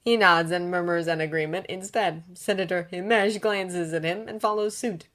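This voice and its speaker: A woman narrating fanfiction aloud in a steady, unhurried reading voice. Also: on the low side.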